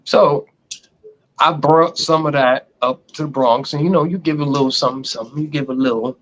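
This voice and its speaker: A man's voice: fairly high pitch, a little fast. A man co-hosting a casual podcast, telling stories and acting out what other people said. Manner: animated storyteller, acts out other people's lines. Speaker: podcast co-host. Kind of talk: casual chat. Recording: dull lo-fi sound.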